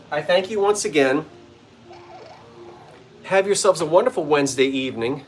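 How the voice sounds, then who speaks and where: Man, playful livestream seller, chatty, talks from his porch, faint music behind. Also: on the high side. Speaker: vintage seller hosting a live sale. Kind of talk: casual livestream chat. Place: front porch of an old bungalow.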